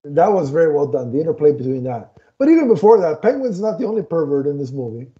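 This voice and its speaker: A man's voice: a little high, sing-song, fast, warm tone. A man co-hosting a casual chat podcast, retelling film scenes and acting out the characters' lines. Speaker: podcast co-host. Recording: dull lo-fi audio.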